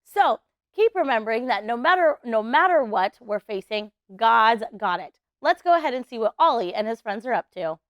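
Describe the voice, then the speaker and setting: A woman teaching preschoolers at church, telling a Bible story in an animated way and getting the kids to act along. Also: on the high side, normal speed, dry recording, highs cut off. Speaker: children's ministry teacher.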